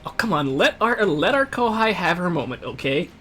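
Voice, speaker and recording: A man's voice: sits high, big pitch swings, moderate pace, bright, forceful tone, soft background music. A man streaming a game, reading the story text aloud and adding playful asides to his viewers. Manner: chats with viewers while eating. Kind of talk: let's-play voicing game text.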